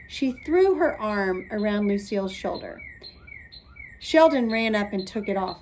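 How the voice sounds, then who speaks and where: A woman teacher reading a children's storybook aloud, expressive and clear. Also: medium pitch, a little slow, slight background noise.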